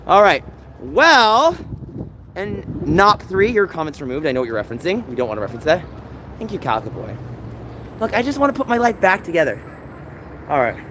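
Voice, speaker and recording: A man's voice: high-pitched, sing-song, brisk, pauses often. An exhausted man hosting a live stream, venting emotionally and apologizing to his chat. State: tearful. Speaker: livestream host. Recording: loud outdoor background noise.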